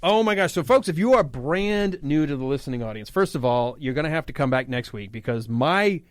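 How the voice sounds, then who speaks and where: A man with a Midwestern accent filling in as a talk radio host, chatting fast and telling animated stories. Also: fairly high pitch, no echo, clean studio sound. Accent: Midwestern American. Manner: animated, fast storytelling with quoted voices. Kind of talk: casual talk radio chat. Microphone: studio microphone.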